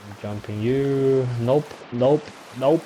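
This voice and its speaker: A man giving gameplay commentary, reacting loudly and talking to the creatures he meets on screen. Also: mid-range voice, takes it slowly, slight background noise. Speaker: gameplay streamer.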